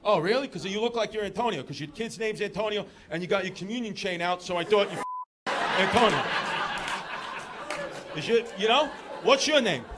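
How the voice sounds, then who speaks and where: A man from Queens doing a stand-up comedy set, loud and animated, shouting punchlines and working the crowd on a comedy club stage. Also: sits high, brisk, long pauses. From Queens, New York. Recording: live club crowd laughing.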